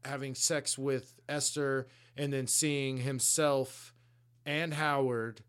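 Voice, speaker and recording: A man's voice: medium pitch, level tone, takes it slowly, a bit bright, clean tone. Slangy man casually recapping a story. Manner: loose slangy storytelling with frequent swearing and laughs. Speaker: podcast co-host.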